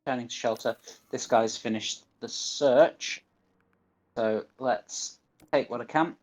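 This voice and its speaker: This man speaks slowly at a medium pitch, with a Northern English accent from northern England. He's a gaming streamer doing live commentary on his gameplay, mumbling to himself and reading the game's menu options out loud.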